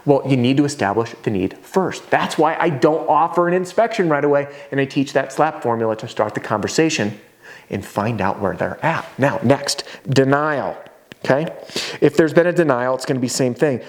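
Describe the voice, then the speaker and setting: Energetic man teaching a sales lesson. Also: medium pitch, moderate pace. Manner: energetic, acts out homeowner voices; casual, conversational teaching with asides. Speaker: roofing sales trainer.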